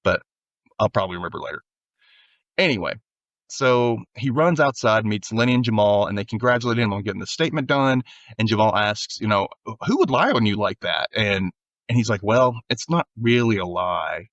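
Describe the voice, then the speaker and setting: A man's voice: fairly low pitch, a little fast, dry recording, highs cut off. A man co-hosting a podcast, casually recapping an episode and acting out the characters' lines. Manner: animated, acts out characters' lines. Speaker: podcast co-host.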